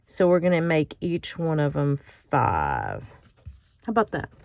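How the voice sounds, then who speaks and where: A woman's voice: low-pitched, wildly swooping pitch, measured pace, gravelly, a little mellow, no room sound. A middle-aged woman hosting a casual crafting tutorial, chatty and self-mocking and often laughing. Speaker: craft channel host.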